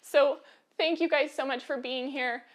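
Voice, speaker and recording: An American woman with a high voice, fairly even intonation, and a measured pace hosts a live online quilting lesson. As the show's host, she's chatty and encouraging, often filling pauses with "um."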